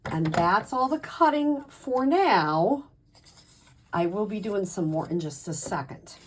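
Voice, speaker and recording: A woman's voice: mid-range voice, lively intonation, slow pace. A woman giving a casual craft tutorial as a demonstrator, chatty, with frequent ums and self-corrections.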